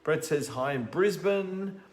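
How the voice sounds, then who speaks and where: A man's voice: on the high side, lively intonation, slow. An Australian man co-hosting a casual livestream, chatting and reading out viewer greetings. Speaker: co-host. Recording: roomy echo.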